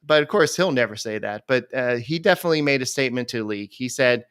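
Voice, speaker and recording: A man co-hosting a baseball podcast, talking casually and rambling with many pauses. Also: mid-range voice, expressive, a bit bright, smooth, no echo, studio quality. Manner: rambling, many fillers and restarts. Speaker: podcast co-host. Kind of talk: casual sports chat.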